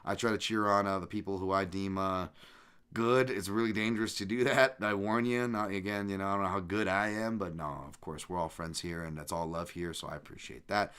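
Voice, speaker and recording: Low-voiced casual podcast host. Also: male voice, a little fast, smooth. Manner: relaxed, rambling, many fillers and restarts. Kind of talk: casual livestream chat reading comments.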